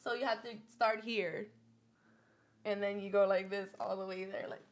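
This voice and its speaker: A woman's voice: mid-range voice, steady tone, moderate pace. A woman in her twenties from Los Angeles, a rapper being interviewed, talking casually and animatedly, laughing often and swearing freely. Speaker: rapper guest.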